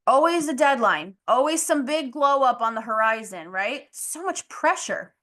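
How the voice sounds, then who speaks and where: A woman hosts a casual motivational podcast, speaking candidly with lots of "like" and "you know" and the odd swear. Her voice is on the high side, bright, and lively at normal speed with few pauses, but a little strained as she loses it and clears her throat.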